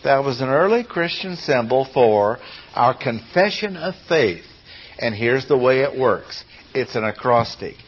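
A man's voice: medium pitch, expressive, unhurried, lo-fi sound. A man teaching a class on Bible Greek, explaining patiently step by step and putting questions to his listeners. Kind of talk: classroom lecture.

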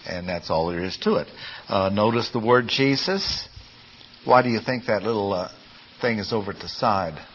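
A man's voice: fairly low pitch, normal speed, highs cut off, slight background noise. A man teaching a class on Bible Greek, explaining patiently step by step and putting questions to his listeners. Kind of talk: classroom lecture.

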